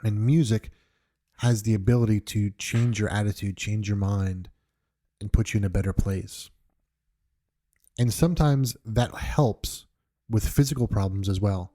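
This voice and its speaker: A man's voice: lowish voice, measured pace, long pauses, warm tone. A man from New York hosting a podcast, talking earnestly and reflectively in an unscripted monologue, often restarting his sentences. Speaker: podcast host.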